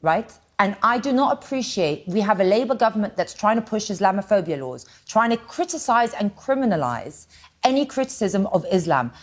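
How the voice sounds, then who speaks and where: Forceful woman pushing back in a debate. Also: medium pitch, expressive, a little fast. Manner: forceful, interrupting, insistent. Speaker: debate guest. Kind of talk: televised debate. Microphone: remote call.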